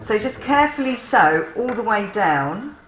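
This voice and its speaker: A woman's voice: fairly high pitch, big pitch swings, normal speed, reverberant, background noise. A woman chatting through a sewing tutorial, laughing often and poking fun at herself.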